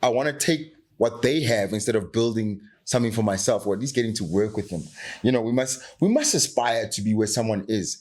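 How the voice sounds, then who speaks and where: A man's voice: on the low side, animated, brisk, a little mellow. A middle-aged man from South Africa, an actor talking as a podcast guest, passionate and emphatic, making his points with rhetorical questions. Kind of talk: candid podcast conversation.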